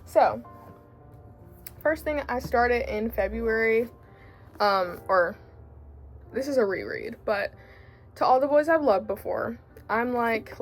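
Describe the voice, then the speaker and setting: A late-teen woman with a Southern US country accent and a fairly high pitch chats casually as a book vlogger. Her talk rambles, full of fillers and self-corrections.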